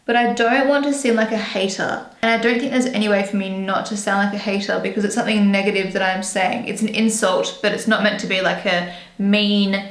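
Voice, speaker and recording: A woman's voice: medium pitch, steady tone, fairly quick. A young woman chatting casually while doing her makeup, rambling and correcting herself as she goes. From Australia. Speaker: beauty vlogger. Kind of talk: casual get-ready-with-me chat. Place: home room indoors. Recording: roomy echo.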